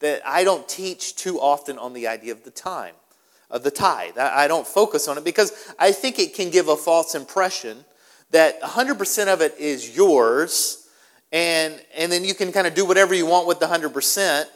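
A man's voice: fairly high pitch, normal speed, big-room sound. A male pastor preaching a sermon in an emphatic style, often repeating his words for stress. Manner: animated, repetitive, emphatic.

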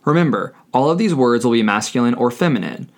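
A man teaching a scripted language lesson, speaking deliberately and spelling words out letter by letter. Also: mid-range voice, expressive.

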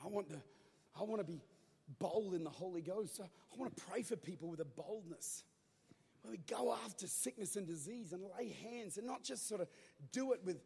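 Man, thirties, Pentecostal preacher: very high voice, loud call-and-response delivery, long hall reverb. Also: animated, moderate pace, vocal fry, husky. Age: 30s. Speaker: pastor. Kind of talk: Pentecostal sermon. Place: church auditorium. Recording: long echo of a large hall.

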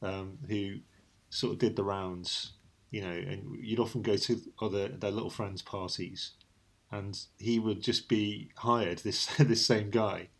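A middle-aged man with a husky, slightly low voice chats loosely as a podcast co-host. He laughs often and lets his sentences drop into quiet asides. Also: fairly even intonation, unhurried. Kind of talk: casual chat.

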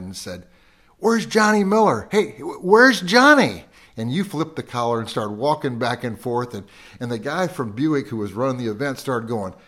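An older man from the United States speaks as a podcast guest, with a voice of ordinary male pitch. He tells his story in a lively way and raises his voice when he quotes people. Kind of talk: casual storytelling chat.

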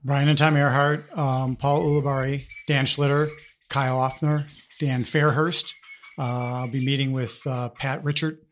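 A man's voice: medium pitch, flat delivery, measured pace, a little hiss or hum. A man guesting on a podcast as a coach, easygoing and explanatory. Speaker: disc golf coach, guest. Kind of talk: podcast interview.

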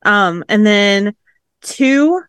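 A woman's voice: mid-range voice, expressive, drawn-out words, fairly bright tone, clear, resonant tone, dry recording. A woman co-hosting a podcast in casual, crude banter, blunt and profane and often laughing. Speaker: podcast co-host.

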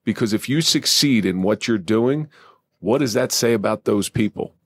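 A man's voice: fairly low pitch, lively intonation, moderate pace, no echo, clean studio sound. A man hosting a podcast, chatting in a wisecracking, earthy way. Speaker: podcast host. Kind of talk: casual chat.

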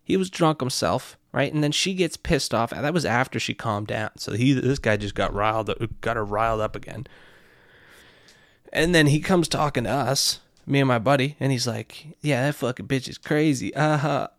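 A young man telling a night-out story in a profane, excitable way, constantly checking in with his listener. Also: mid-range voice, moderate pace, dry recording, studio quality. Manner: profane, excitable, keeps asking "right?". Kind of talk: casual anecdote.

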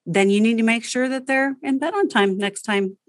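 A woman's voice: fairly high pitch, moderate pace, no echo, studio quality. Direct, practical woman coaching a parent. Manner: direct, practical, lively delivery. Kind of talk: coaching conversation.

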